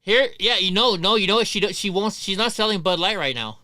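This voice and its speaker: A man's voice: high voice, expressive, fairly quick, bright, forceful tone. A middle-aged man hosting a livestream, telling rambling, profane stories in casual chat. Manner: rambling, profane, many restarts. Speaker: livestream host.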